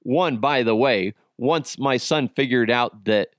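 A man hosting a podcast, telling a family story in a casual, animated way and swearing freely. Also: mid-range voice, slow pace, no room sound, studio quality. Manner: animated, swears freely, acts out quoted voices. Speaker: podcast host.

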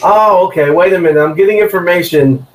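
A man's voice: sits high, fairly quick, roomy sound, rough recording. A man on a sports podcast, chatting casually in a playful, teasing, jokey way. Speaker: podcast guest.

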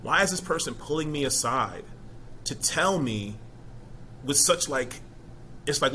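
Bright-voiced man telling stories casually. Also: medium pitch, a little slow, pauses often, a little hiss or hum. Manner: animated storyteller, many "you know" asides. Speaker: interview guest, former college football player. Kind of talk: casual conversational interview.

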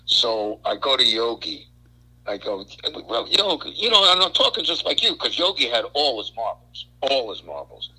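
An older man from Brooklyn, a guest on a radio talk show, telling animated stories and stumbling over repeated words. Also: mid-range voice, normal speed, husky, low-quality recording. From Brooklyn, New York. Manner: animated storyteller, repeats words, acts out quotes. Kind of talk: casual radio chat.

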